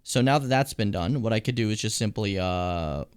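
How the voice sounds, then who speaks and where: A man's voice: fairly low pitch, normal speed, clean tone, no echo, studio quality. A young man talking casually while editing his own stream footage, rambling, cursing and laughing at himself. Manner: rambling, swearing, breaks into laughs and silly humming.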